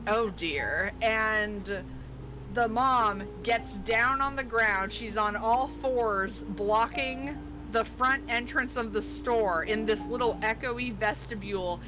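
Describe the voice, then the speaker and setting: A woman playing in a streamed tabletop game shares a story slowly in a fairly high voice, laughing as she goes, a lively storyteller in casual chat. The recording is rough, with music in the background.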